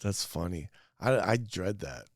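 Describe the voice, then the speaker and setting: A man's voice: low-pitched, lively intonation, measured pace, no room sound, clean studio sound. A man hosting a casual podcast chat, a stand-up comedian who talks candidly and laughs often. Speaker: podcast host.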